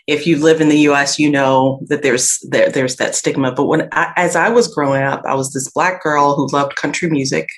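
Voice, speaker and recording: A woman's voice: low-pitched, normal speed, few pauses, low-quality recording. A woman raised in Michigan and Alabama with a Southern accent, speaking earnestly as a podcast guest about confidence and perspective. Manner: reflective, earnest, animated when quoting others. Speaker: guest, aromatherapy expert. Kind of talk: podcast interview conversation.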